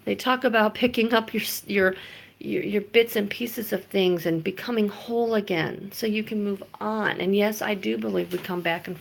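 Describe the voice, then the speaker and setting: Blunt, gravelly-voiced woman telling a story. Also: medium pitch, steady tone, moderate pace. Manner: blunt and emphatic, swears freely. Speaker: vlogger. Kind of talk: casual storytelling monologue.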